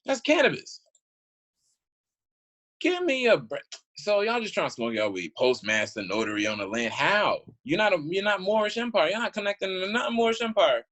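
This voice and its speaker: An online commentator reads old documents aloud with casual indignation, rambling, restarting, and peppering his informal speech with "y'all." His voice is on the high side and a bit bright, and the audio is poor.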